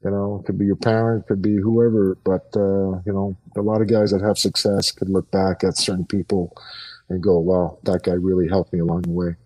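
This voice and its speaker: Middle-aged male guest, very low voice, earnest and halting, off-mic sound. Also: little pitch movement, darkish tone, distant mic, rough recording. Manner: earnest, reflective, many fillers and restarts. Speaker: guest, retired pro hockey player. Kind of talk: casual podcast interview.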